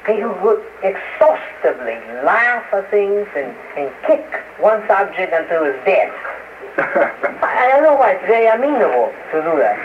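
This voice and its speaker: Guest: man, high lively voice, hesitant and restarting, tinny phone-like band over loud hiss. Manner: halting, hesitant, many restarts and fillers. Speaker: interview guest. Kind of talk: casual interview talk. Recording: noisy lo-fi archival radio, phone-like.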